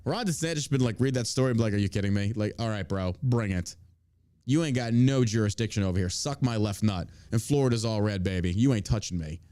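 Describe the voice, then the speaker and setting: A man's voice: mid-range voice, warm tone, no room sound. A man hosting a show, delivering profane, combative and mocking political commentary. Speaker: podcast host.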